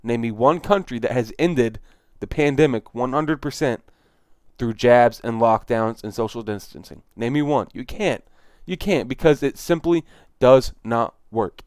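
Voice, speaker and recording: Exasperated man with a smooth voice. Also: medium pitch, darkish tone, dry recording, clean studio sound. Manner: exasperated, repetitive, emphatic. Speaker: video commentator. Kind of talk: casual commentary on news clips.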